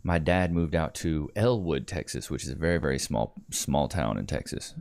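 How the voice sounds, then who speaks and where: A man's voice: rumbling low, normal speed, gravelly. A man hosting a livestream podcast, telling a family story casually, doing voices and talking to the chat. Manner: animated storyteller who does voices and jokes with the chat. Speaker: podcast host.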